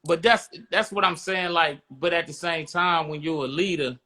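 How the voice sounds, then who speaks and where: A man's voice: fairly high pitch, moderate pace, bright, forceful tone. A man co-hosting a podcast, talking bluntly in casual street slang and often asking "you know what I'm saying". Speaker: podcast co-host.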